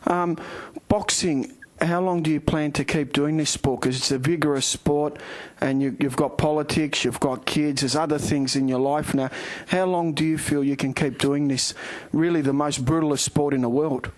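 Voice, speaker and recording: A man with an Australian accent hosting a boxing show, asking long, energetic leading questions. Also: on the high side, moderate pace, hardly any pauses. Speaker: boxing show host, interviewer. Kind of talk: TV interview. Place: indoors in the Philippines.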